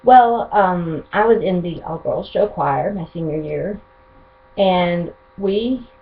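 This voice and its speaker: A young woman, talking casually and eagerly to her vlog audience. Her voice sits fairly low, and her talk rambles. The audio is thin and tinny, like a phone line. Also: slow. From North Carolina, USA. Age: 20s. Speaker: vlogger. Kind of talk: casual chat to camera.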